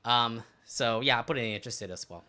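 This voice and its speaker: A man co-hosting a casual podcast, his voice bright and forward. He rambles excitably, leaning on fillers and restarts as he chats. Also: mid-range voice, a little fast. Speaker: podcast co-host. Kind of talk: casual chat.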